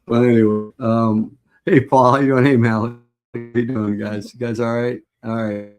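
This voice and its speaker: A man's voice: medium pitch, little pitch movement, moderate pace, darkish tone. A middle-aged man chatting casually on a live stream, rambling and heartfelt, often breaking into laughter.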